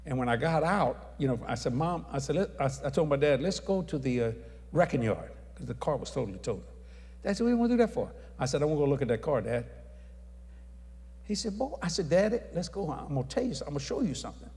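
A man telling a testimony story as an evangelist, acting out the people in it and raising his voice at the high points. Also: quick pace. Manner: animated, acts out dialogue, shouts at climaxes. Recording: long hall reverb.

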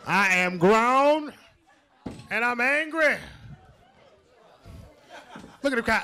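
A man from Haiti doing a loud, profane stand-up set, acting out the people in his stories. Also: very high-pitched, animated, takes it slowly, long pauses, a faint crowd, a little hiss or hum. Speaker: stand-up comedian. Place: comedy club stage with live audience. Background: audience laughter.

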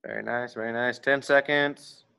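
Man coaching a martial arts warm-up. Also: mid-range voice, steady tone, moderate pace, vocal fry, clean tone, poor audio. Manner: coaching, encouraging, casual asides. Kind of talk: leading an online warm-up class.

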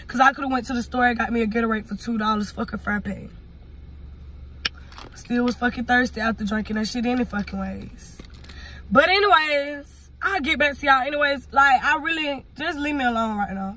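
A woman's voice: a little high, sharp tone. A young woman vlogging casually from a car, talking in a profane, brash, rambling way. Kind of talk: casual vlog rant.

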